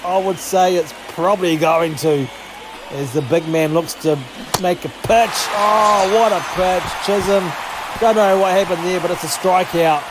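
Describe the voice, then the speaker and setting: This high-pitched gaming channel host calls his gameplay broadcaster-style at a measured pace, swearing freely, joking, and getting fired up with each play. Behind him there's a loud crowd along with a steady background hum.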